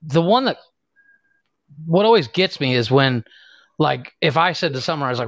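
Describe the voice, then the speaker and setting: A man's voice: a little high, expressive, moderate pace, pauses often, fairly bright tone, no room sound. Chatty Ohio man with a dull dry sound. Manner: chatty, laughs at his own jokes. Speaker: podcast guest. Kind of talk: casual chat.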